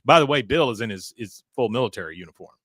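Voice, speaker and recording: A man's voice: medium pitch, lively intonation, fast, fairly bright tone, no echo, clean studio sound. A man co-hosting a podcast, chatting through an episode recap with a laugh. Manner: chatty, laughing, acts out quotes. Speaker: podcast co-host. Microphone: podcast mic.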